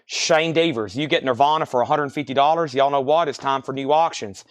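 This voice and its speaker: A man running a live online record sale, calling out bids, buyers and prices in a rapid, repetitive patter. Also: mid-range voice, dry recording, clean studio sound. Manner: rapid-fire, repetitive calls of sales and prices. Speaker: live-stream record seller.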